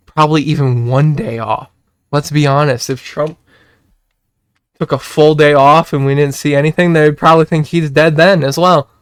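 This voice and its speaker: Excitable young man ranting to chat. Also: fairly high pitch, normal speed, clear, resonant tone, no room sound, clean studio sound. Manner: excitable, repetitive, swears and shouts when worked up. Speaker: streamer. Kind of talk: casual political rant to chat.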